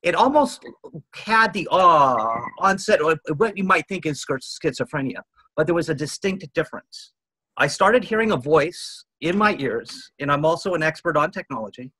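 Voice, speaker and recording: Interview guest, fifties man, husky and dry-sounding, earnest rambling storyteller. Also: on the high side, animated, normal speed, bright, forceful tone, dry recording, rough recording. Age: 50s. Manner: earnest, rambling, quotes others.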